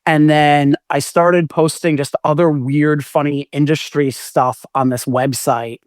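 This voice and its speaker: A man's voice: on the high side, steady tone, a little slow, dry recording, clean studio sound. A man in his forties, a music manager, telling long self-correcting stories in a casual interview. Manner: rambling, self-correcting anecdotes. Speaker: music manager, podcast guest.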